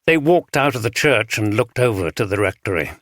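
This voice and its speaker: A man with a lowish voice reads a scripted audiobook narration in a measured, even storytelling style. The studio-quality recording has no echo.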